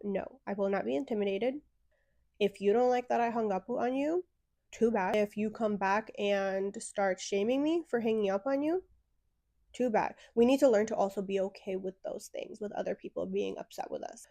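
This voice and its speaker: A woman's voice: medium pitch, fairly quick, hardly any pauses, warm tone, dry recording, clean studio sound. A young woman answering viewer questions about self-worth in a blunt, frank advice talk with sassy asides. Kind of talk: direct-to-camera advice talk.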